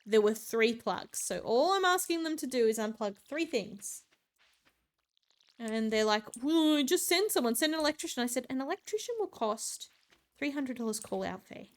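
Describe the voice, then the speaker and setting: Chatty woman, higher voice. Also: lively intonation, normal speed. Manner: chatty, exasperated, lots of filler ums. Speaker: streamer. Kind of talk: casual storytelling while gaming.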